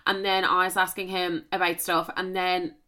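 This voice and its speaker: A woman's voice: fairly low pitch, little pitch movement, normal speed, bright, forceful tone. A young woman hosting a podcast, telling a story candidly and emphatically and swearing freely. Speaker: podcast host.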